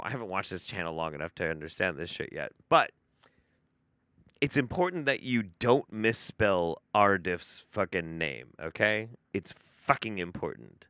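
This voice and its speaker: A man's voice: low voice, big pitch swings, moderate pace, pushed and bright, no room sound, studio quality. A man hosting a live stream, reacting to a video with sarcastic, profane, mocking commentary.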